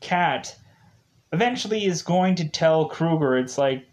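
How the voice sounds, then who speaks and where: Slow, rambling man reviewing episodes. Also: fairly high pitch, expressive, darkish tone, highs cut off. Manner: rambling, many fillers and restarts. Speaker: show reviewer.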